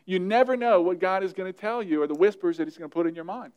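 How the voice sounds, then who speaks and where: A man, a pastor, preaching a sermon in an earnest, conversational way with touches of humor, dropping softer when he voices prayers. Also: high-pitched, fast, few pauses.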